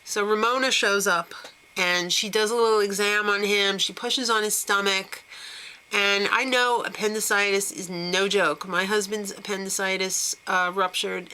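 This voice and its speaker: A woman recapping a reality show in a loose, gossipy way, giggling and throwing in snarky asides. Her voice is bright, and her pitch sits in the middle for a woman. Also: poor audio.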